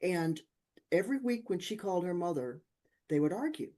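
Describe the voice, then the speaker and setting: A woman guest on an interview show, telling lively personal stories and acting out the people in them. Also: on the low side, normal speed. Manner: lively anecdotes with acted-out quotes. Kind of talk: conversational storytelling.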